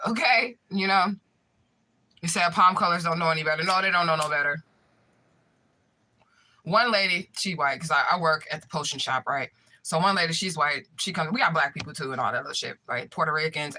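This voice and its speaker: A woman and spiritual reader chatting casually to her viewers, telling stories in an animated, profane way full of fillers. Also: low-pitched, fairly quick. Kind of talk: casual live chat to viewers.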